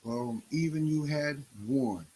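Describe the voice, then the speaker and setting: A man's voice: fairly high pitch, slow, dark tone, breathy edge, rough recording. A man delivering a preachy spoken-word monologue, confronting the listener with rhetorical questions.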